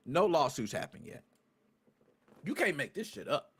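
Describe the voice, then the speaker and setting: A young man hosts a podcast and rants to his live chat in slangy, profane talk. His high voice leaps up to near-shouts and then drops to low mutters. His delivery is lively and keeps swinging in pitch and force. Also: moderate pace, slightly rough. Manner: animated, swings from loud outbursts to low muttered asides. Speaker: podcast host. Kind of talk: casual ranting commentary to a live chat.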